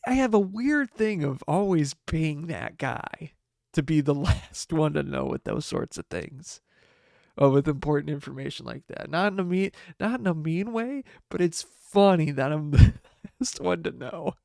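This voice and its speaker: A young man hosting a podcast, telling a personal story in a halting way, with many restarts and laughs through the sad parts. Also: on the high side, creaky, dark tone, dry recording, studio quality. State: tearful. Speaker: podcast host. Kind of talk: casual storytelling monologue.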